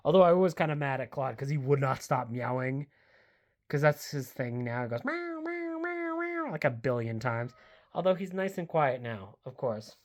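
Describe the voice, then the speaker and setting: A woman's voice: rumbling low, moderate pace, darkish tone. A woman, chatting casually and rambling in a home vlog from her basement, self-deprecating, full of fillers and the odd swear. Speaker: book vlogger.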